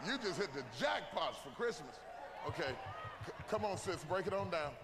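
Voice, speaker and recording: High-voiced preacher shouting in an echoey church. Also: male voice, expressive, normal speed. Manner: preaching with humor, rising to shouts. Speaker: pastor. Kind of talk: sermon. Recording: echoey church hall with loud room noise.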